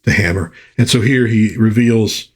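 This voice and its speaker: A man's voice: fairly low pitch, moderate pace. A man hosting a casual comic book commentary in a chatty, enthusiastic manner.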